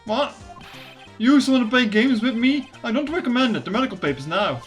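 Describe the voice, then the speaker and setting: A woman voicing a blustering male mobster who talks in gruff tough-guy slang and makes threats. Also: a little high, expressive, a little fast, faint music behind, pitched above the performer's own voice, close to an everyday voice. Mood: menacing.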